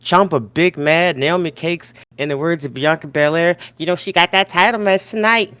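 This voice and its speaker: A man's voice: on the high side, moderate pace, pushed and bright, clear, resonant tone, no echo. A man co-hosting a wrestling podcast, joking around and rambling in disbelief. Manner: jokey, incredulous, rambling. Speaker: podcast co-host. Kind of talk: casual podcast chat.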